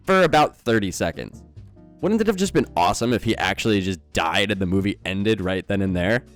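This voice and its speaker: A man's voice: fairly low pitch, expressive, fairly quick, faint music behind. A young man giving a sarcastic, incredulous film review in scripted commentary.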